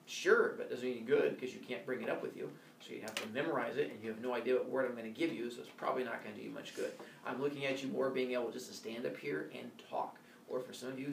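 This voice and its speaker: A playful male teacher who jokes and bursts into mock shouts, with a lively, swooping voice. He is recorded from across a roomy classroom, with faint ambience behind him. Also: medium pitch, vocal fry, far from the mic, slight background noise. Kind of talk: classroom instructions. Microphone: phone recording from across the room.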